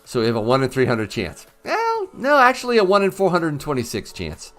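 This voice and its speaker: A man's voice: on the high side, wildly swooping pitch, fairly quick, a bit bright, soft background music. A man hosting a casual livestream, chatting with viewers in an upbeat, easygoing way. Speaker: livestream host.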